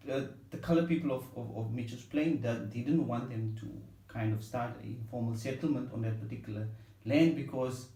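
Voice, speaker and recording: A man's voice: medium pitch, a little fast, hardly any pauses, mellow. A man co-hosting a music vlog who talks in an analytical way, hesitating and repeating words. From not from Cape Town. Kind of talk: casual discussion. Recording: echoey room, mic at a distance.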